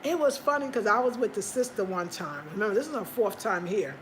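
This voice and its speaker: An American woman hosting a casual livestream, telling stories with lots of animated, high-pitched acted-out quotes and talking straight to her viewers. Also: brisk, a little hiss or hum. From United States. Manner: animated storytelling, acting out quotes in high cries; chatty, talks straight to viewers. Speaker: livestream host.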